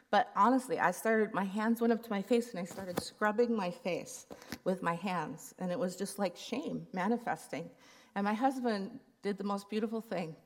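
A middle-aged woman speaks at a church conference, telling a personal testimony in a candid, heartfelt way. Her voice sits in an ordinary middle pitch. She talks openly and is emotional at times. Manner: candid and emotional, laughing while telling the story.

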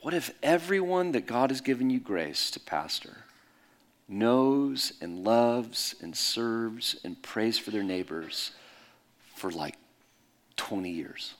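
A middle-aged man preaching in a candid, conversational way, swinging between loud bursts and soft hushed asides. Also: medium pitch, animated, takes it slowly. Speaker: pastor. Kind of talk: sermon storytelling.

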